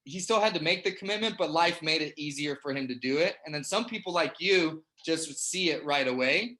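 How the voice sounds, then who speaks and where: A man's voice: a little high, brisk, sharp tone. A man hosting a sales testimonial call, enthusiastic and full of praise, ending phrases with "man". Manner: enthusiastic, repeats "man" a lot. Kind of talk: energetic pep-talk interview. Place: online group call.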